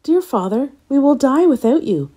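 A woman voicing a chorus of plants and trees that cry out in a high, pleading voice in a storybook. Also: sing-song, normal speed, dark tone. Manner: high, crying plea.

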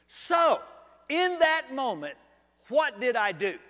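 A male preacher telling a story in a sermon, animated and humorous. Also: very high voice, slow, big-room sound. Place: church sanctuary.

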